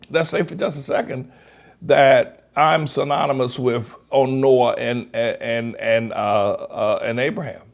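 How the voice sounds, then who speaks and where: A pastor with a gravelly voice and lively pitch preaches emphatically in a sermon broadcast, drawing out stressed words and repeating himself.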